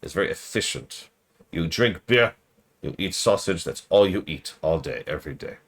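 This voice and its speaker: A man streaming a game review, rambling through jokey riffs with deadpan asides. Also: low voice, moderate pace, slight background noise. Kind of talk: casual livestream commentary.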